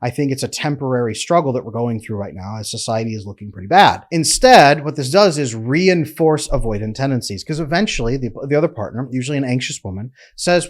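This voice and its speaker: A man's voice: medium pitch, lively intonation, brisk, hardly any pauses. A man, a relationship coach, giving an emphatic, conversational educational talk to camera. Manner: emphatic, conversational, acts out quotes.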